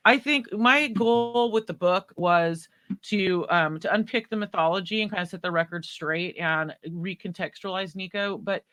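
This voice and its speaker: A woman hosting a live book talk, chatting in an excitable, rambling way with many restarts. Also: mid-range voice, normal speed. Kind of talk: casual live-streamed conversation.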